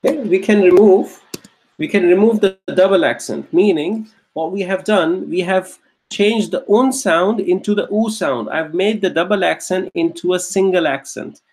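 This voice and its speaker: A man with a high-sitting, darkish voice speaks at normal speed while teaching an online Arabic grammar class. He patiently repeats each point and checks that his students are following.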